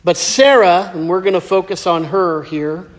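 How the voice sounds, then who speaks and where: Man, pastor, sermon, high voice, joking storyteller, long echoing hall. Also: normal speed. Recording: echoey hall with long reverb.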